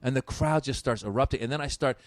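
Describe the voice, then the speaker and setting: A man's voice: medium pitch, quick pace, dry recording. A man from Iran, a comedian, chatting casually on a podcast and telling a stand-up story, acting out the people he talks to. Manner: animated storyteller acting out crowd exchanges, frequent restarts. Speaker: comedian guest.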